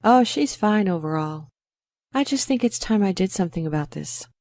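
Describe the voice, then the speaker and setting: A woman's voice: mid-range voice, expressive, moderate pace, a little mellow, dry recording, clean studio sound, close to an everyday voice. A woman playing a worried dog owner in a scripted exam listening dialogue, chatty and a little embarrassed. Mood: talkative worried. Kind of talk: scripted exam role-play.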